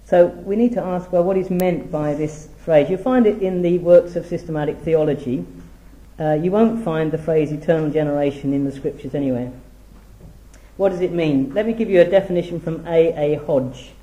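A middle-aged man giving a Bible teaching talk, measured and reading scripture aloud with emphasis. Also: fairly high pitch, warm tone, roomy sound, poor audio. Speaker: preacher.

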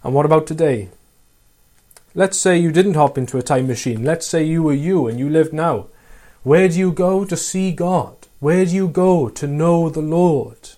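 At a normal speed, a preacher gives a sermon in a warm, mellow voice a little higher than most men's. He's earnest, keeps asking his listeners rhetorical questions, and reads scripture aloud between them.

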